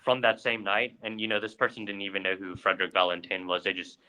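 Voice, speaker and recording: A man's voice: deep voice, level tone, quick pace, bright, forceful tone, clean tone, rough recording. A man co-hosting a podcast, telling a story in casual chat with lots of fillers and restarts. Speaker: podcast co-host.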